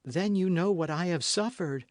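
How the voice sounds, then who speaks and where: A man's voice: high voice, moderate pace, no room sound, clean studio sound, pitched above the performer's own voice, close to an everyday voice. A man voicing a young woman novice, shy, jealous and devoted, in a breathless, pleading way.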